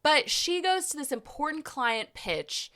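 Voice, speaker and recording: A woman's voice: sits high, very animated, a little slow, bright, forceful tone. A young woman co-hosting a podcast, speaking bluntly and emphatically with casual swearing. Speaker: podcast co-host. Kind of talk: casual chat.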